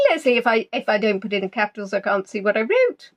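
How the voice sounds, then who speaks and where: A woman's voice: animated, quick pace, hardly any pauses, muffled recording. A woman hosting a live online quiz, chatting with players and teasing them as she reads out their answers. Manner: teasing, chatty, reads out names and answers with big pitch swings.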